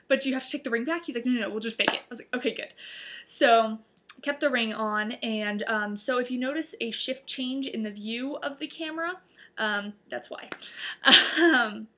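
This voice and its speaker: A woman's voice: on the high side, fairly bright tone. A young adult woman telling a personal story to camera in a chatty, giggly way, full of fillers and little laughs. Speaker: vlogger telling her proposal story.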